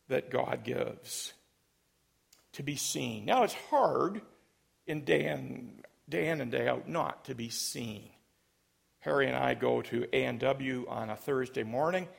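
A man's voice: mid-range voice, vocal fry. A man preaching a sermon as pastor, emphatic and leading his congregation in call and response. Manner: emphatic, rising to loud peaks.

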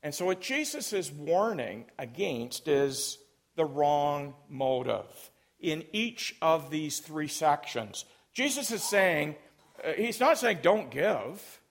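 Male pastor mid-sermon; unhurried, gravelly, builds to loud emphatic peaks. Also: fairly high pitch, expressive. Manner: leads congregation in call and response.

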